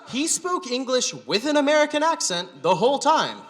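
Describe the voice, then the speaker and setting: Male stand-up host, bright, slightly high voice, wry deadpan storytelling, long hall reverb. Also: moderate pace. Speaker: stand-up comedian and show host. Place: gallery venue with live audience.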